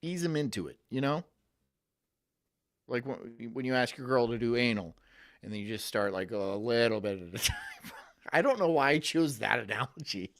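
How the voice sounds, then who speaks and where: A man's voice: mid-range voice, lively intonation, normal speed, pauses often, fairly bright tone. A man streaming live, chatting casually with his viewers in a rambling, profane, self-mocking way.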